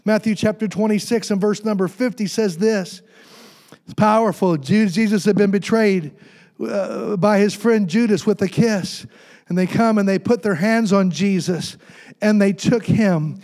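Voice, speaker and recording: High-voiced preacher man. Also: unhurried, darkish tone. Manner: preaching with call-and-response asides; jokes with congregation. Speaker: pastor. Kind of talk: sermon.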